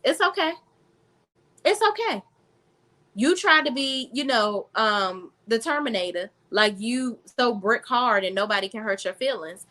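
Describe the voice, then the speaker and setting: Speaking straight to her viewers, a woman with a medium-pitched, slightly bright voice recaps a reality TV episode in a casual vlog. Her style is blunt, sassy and profane.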